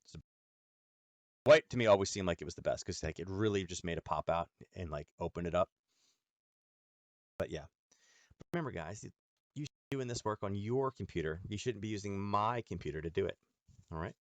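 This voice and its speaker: A man with a low-sitting voice and lively intonation hosts a nightly live trading lesson, speaking briskly but pausing often. The recording has no echo, and he talks loosely about charts, full of "um" and "like."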